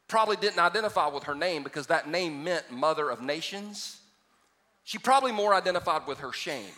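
A man preaching in a large church, his voice bright and a bit high for a man. He talks in a folksy, joking way and then builds to emphatic points, with a long reverb trailing off the room. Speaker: pastor. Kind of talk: sermon with storytelling.

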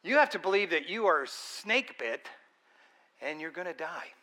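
A man's voice: fairly high pitch, big pitch swings, measured pace, bright, forceful tone. A man preaching a sermon in an earnest, conversational and emphatic way.

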